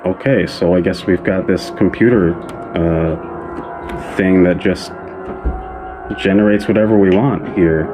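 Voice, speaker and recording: A man hosting a comedy podcast, talking in a halting, filler-heavy, playful way. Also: sits low. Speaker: podcast host. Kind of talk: comedy sketch and casual chat. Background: background music.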